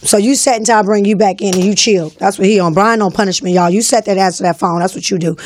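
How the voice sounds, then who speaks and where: A woman's voice: medium pitch, fairly even intonation, quick pace, no room sound. A woman hosting a live call-in show, talking in a bossy, teasing, slangy way into a studio mic. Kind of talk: casual live-stream talk. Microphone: studio microphone.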